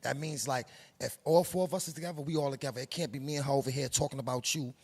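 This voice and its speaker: A man's voice: mid-range voice, fairly even intonation, fast talker, a little mellow, breathy edge. A middle-aged man with a New York accent from Harlem, speaking casually and emphatically in an interview, full of street slang and life lessons. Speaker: production company head.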